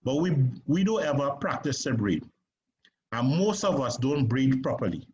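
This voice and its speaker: A man teaching an online acting lesson, talking conversationally with emphatic pauses and checks on whether his listeners follow. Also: mid-range voice, sing-song, a little mellow, muffled recording, slight background noise.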